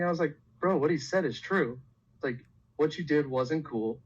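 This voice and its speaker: A man's voice: on the high side, normal speed, a little hiss or hum. A man telling his side of a story on a livestream, hesitant and full of fillers, getting worked up as he goes. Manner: hesitant, many fillers, builds up agitated. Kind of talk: casual storytelling on a stream. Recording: dull lo-fi stream clip.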